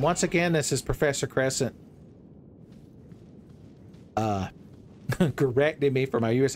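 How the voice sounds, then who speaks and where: A young man giving playful, joking commentary over his own gameplay, breaking into loud exclamations. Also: fairly high pitch, noisy background. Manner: playful, jokey, swings into loud shouted exclamations. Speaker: gaming video creator.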